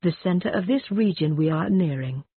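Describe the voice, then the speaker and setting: Grim Reaper, male skeleton in a monk's robe, clipped and snappish, read by the narrator, husky, tinny phone-line sound. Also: mid-range voice, animated, moderate pace, dry recording. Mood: solemn. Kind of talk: reading a ballad aloud.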